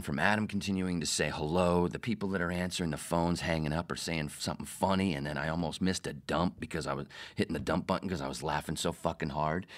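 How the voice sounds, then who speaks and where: A middle-aged man hosts his podcast alone, telling stories in a loose, profane way and acting out the lines he quotes. His voice sits very low but jumps around a lot, loud one moment and muttering the next. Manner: profane, animated, acts out quotes. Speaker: podcast host, former radio producer. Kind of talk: casual storytelling monologue.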